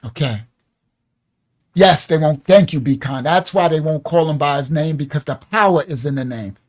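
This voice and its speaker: A man teaching viewers on a religious livestream, emphatic and chatty, repeating himself and asking rhetorical questions. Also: high voice. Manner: chatty, addresses viewers by name. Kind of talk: live-streamed religious teaching.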